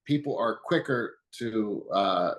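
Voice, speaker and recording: A man speaking as an interview guest, calmly explaining in a teaching manner with examples. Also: fairly low pitch, takes it slowly, low-quality recording. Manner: calm, teaching, uses metaphors and quoted examples. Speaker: guest, anger management expert.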